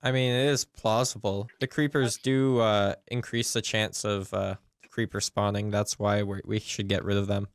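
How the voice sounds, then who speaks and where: A man's voice: on the low side, level tone, normal speed, few pauses, clean tone, dry recording, studio quality. A man from Canada in gaming voice chat, talking cheekily and feigning innocence. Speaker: gamer.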